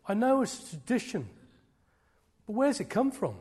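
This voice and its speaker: A middle-aged man preaching a sermon, swinging from loud declarations to hushed, almost whispered lines. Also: high-pitched, sing-song, moderate pace, slightly rough.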